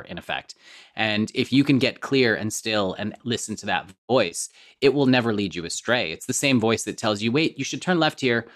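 A low-voiced man hosts a relaxed interview about meditation. He speaks reflectively and haltingly, often doubling words as he works toward his question. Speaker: podcast host. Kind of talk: conversational interview.

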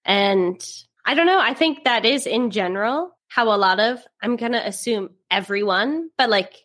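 A woman's voice: on the high side, animated, normal speed, a bit bright. A young adult woman co-hosting a podcast in casual chat, chatty and self-mocking, laughing often. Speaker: podcast co-host.

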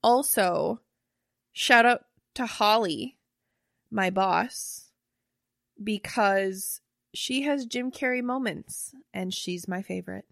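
A woman's voice: mid-range voice, takes it slowly, creaky, dry recording. Chatty young woman, very dry sound. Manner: chatty, swears casually, trails off and restarts. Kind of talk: casual chat.

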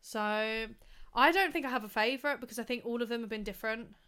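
A young woman in her twenties chats on a podcast with a smooth, clear voice. She uses casual slang, laughs often, and makes dry, sarcastic jokes at her co-host. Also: a little high, quick pace, bright, forceful tone. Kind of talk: casual chat.

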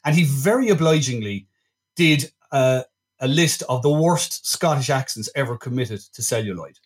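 A man's voice: mid-range voice, expressive, moderate pace. A man hosting a casual film-review podcast. He talks in a wry, chatty way and often restarts his sentences. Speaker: podcast host.

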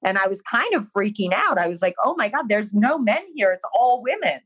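This interview guest, a woman, has a mid-range voice with a breathy edge and talks fairly quickly over a low-quality recording. Her personal story comes out candid and self-mocking, and she livens up whenever she quotes her past self.

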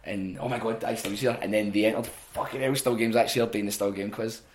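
A man's voice: on the low side, steady tone, quick pace, a little hiss or hum. A Scottish man, a wrestling promoter, chatting casually on a podcast, swearing freely and stumbling over restarts as he spins anecdotes.

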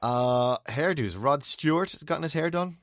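A man with a fairly high, slightly bright voice speaks at normal speed on a dry, clean studio recording. He's co-hosting a podcast, chatting casually in a wry, joking manner.

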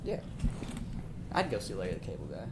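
Lively-voiced man co-hosting a chat. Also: deep voice, brisk, background noise. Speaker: podcast co-host. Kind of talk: casual chat.

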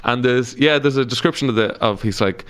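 A man's voice: medium pitch, a little fast, a bit bright, slight background noise. A man with an Irish accent, a comedian guest chatting casually on a podcast and telling stories with laughs and swearing. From Ireland.

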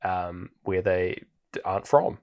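A man's voice: low voice, a little slow, dull audio. A man co-hosting a podcast, recapping a movie in casual chat, full of fillers and frequent laughter. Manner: rambling, laughs often, many fillers. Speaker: podcast co-host. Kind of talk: casual film-review chat.

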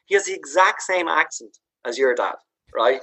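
Comedian, man, husky voice, chatty, animated storyteller. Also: on the high side, moderate pace. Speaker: podcast co-host, comedian. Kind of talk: casual chat.

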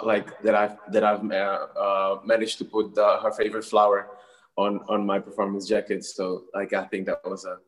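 Earnest low-voiced man from the Republic. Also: fairly bright tone, poor audio. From Czech Republic. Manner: earnest, rambling with fillers. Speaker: guest singer. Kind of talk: interview answers.

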